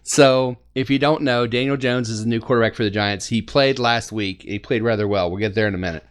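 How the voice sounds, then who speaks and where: A man's voice: medium pitch, a little fast, clean tone. Laughing sports podcast host, man. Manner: laughing, animated storytelling. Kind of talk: casual sports chat.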